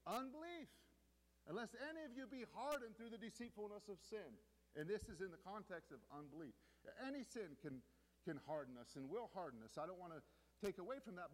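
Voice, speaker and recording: A man preaching a sermon, swinging between loud emphatic lines and quiet hushed ones. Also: high voice. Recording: long reverb of a hall.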